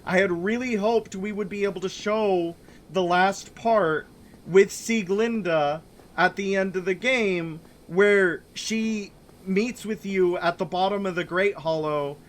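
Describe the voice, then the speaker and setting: A man's voice: sits high, slow pace. A young man giving let's play commentary, ranting in exasperation and repeating himself. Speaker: video game player.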